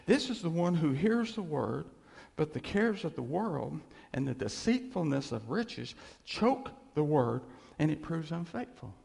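A man's voice: fairly high pitch, sing-song, measured pace, vocal fry, darkish tone. A man preaching a conversational, emphatic sermon, acting out quoted voices. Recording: reverberant hall.

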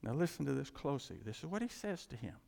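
A man preaching a sermon as pastor, animated, swinging from loud cries to quiet asides. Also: medium pitch, quick pace, vocal fry. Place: church. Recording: long hall reverb.

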